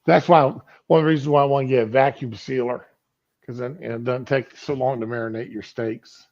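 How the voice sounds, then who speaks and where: Casual streamer guy, gravelly voice, rambling delivery, lo-fi audio. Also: medium pitch, steady tone, a little fast, darkish tone. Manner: rambling, with fillers. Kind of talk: casual chat.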